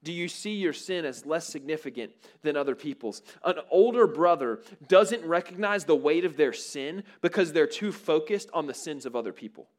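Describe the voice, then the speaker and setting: Brief: a fairly high-voiced male preacher, casual and conversational, frequent fillers and restarts. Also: expressive, normal speed, few pauses. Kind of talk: sermon.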